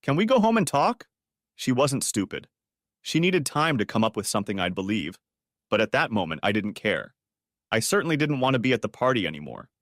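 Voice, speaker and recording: A man narrating a first-person drama story for an audiobook in a dramatic, expressive way. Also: on the low side, a little fast, dry recording, studio quality.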